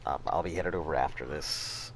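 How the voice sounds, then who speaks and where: A man's voice: rumbling low, moderate pace, a crowd in the background. An American man chatting casually while gaming with friends, playful and jokey. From United States. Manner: playful, jokey, tries on accents. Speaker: gamer.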